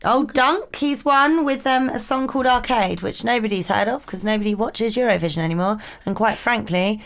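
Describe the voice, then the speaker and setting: A woman co-hosting a chatty podcast, bubbly and quick to laugh, swearing freely and trying out silly accents. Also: fairly high pitch, a bit bright. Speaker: podcast co-host. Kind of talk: casual chat.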